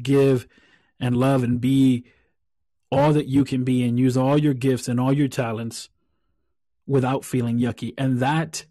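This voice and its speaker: A man's voice: mid-range voice, warm tone, no room sound, studio quality. A man hosting a solo podcast, talking earnestly and reflectively, often repeating phrases as he thinks aloud. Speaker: podcast host.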